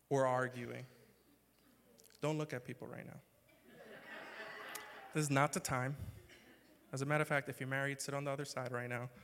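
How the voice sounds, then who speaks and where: A man preaching as a pastor. He talks in a conversational, joking way and breaks into loud, emphatic bursts. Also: a little high. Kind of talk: sermon. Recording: long hall reverb.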